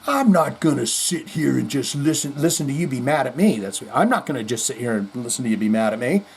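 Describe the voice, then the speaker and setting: A man's voice: medium pitch, animated, brisk, slightly rough. A man impersonating a drunk, belligerent male rock frontman who talks in a slurred, dismissive way. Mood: defensive.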